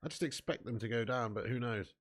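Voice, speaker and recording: A young man from southern England hosts a live football watch-along for his fan channel, speaking at medium pitch and fairly quickly. He banters with chat, laughs often, swears and calls everyone mate.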